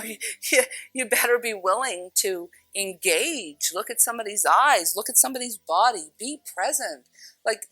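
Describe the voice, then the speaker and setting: Earnest bright-voiced woman teaching spirituality. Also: medium pitch, expressive, normal speed, no echo, soft background music, low-quality recording. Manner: earnest and emphatic, repeating phrases for stress.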